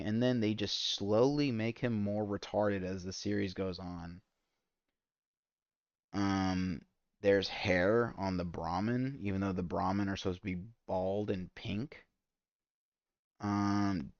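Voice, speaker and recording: A man streaming a game, ranting in exasperated, profane commentary that spikes loud and high. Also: no echo, lo-fi sound. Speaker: gaming streamer. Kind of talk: ranting commentary while gaming.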